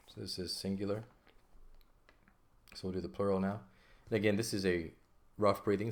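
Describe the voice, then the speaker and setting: A man's voice: low-pitched, fairly even intonation, fairly quick. A man teaching an ancient Greek lesson in a patient, casual way, often checking in with "okay?". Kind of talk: casual lesson explaining grammar.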